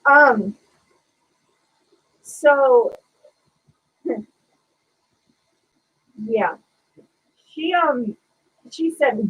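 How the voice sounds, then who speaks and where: A woman co-hosting a casual podcast, telling a sarcastic retail story in a lively, chatty way. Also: on the high side, extremely slow, pauses often, breathy edge, phone-quality sound. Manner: animated, sarcastic retelling of a retail customer. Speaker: podcast co-host.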